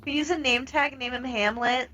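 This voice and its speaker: Young woman streamer, super high voice, bright tone, gushes and squeals at her game. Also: fairly quick. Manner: excitable, gasping and squealing with delight. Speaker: streamer playing a multiplayer block game. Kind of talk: casual live-stream chatter.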